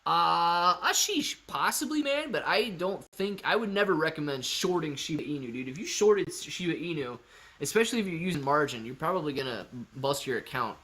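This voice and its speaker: Man, live stream host, casual chat, energetic, hyped, slightly high voice. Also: moderate pace. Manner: energetic and hyped, calls viewers man and dude. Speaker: livestream host answering chat.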